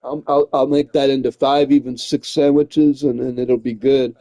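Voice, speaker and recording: A man's voice: mid-range voice, little pitch movement, moderate pace, mellow, no room sound, clean studio sound. A man chatting casually while streaming, rambling and swearing, often tossing in "man" and "dude". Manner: rambling, profane, says "man" and "dude" a lot. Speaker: gaming streamer.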